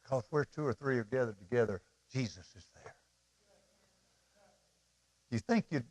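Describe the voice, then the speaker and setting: Middle-aged male pastor, heartfelt pleading sermon, loud and soft by turns, mid-pitched voice. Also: lively intonation, normal speed, long pauses. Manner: emotional, pleading preaching with big swings in loudness.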